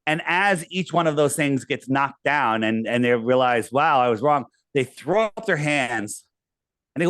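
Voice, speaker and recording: Man telling a rambling, animated story. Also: mid-range voice, dry recording. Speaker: podcast guest. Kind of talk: casual interview chat.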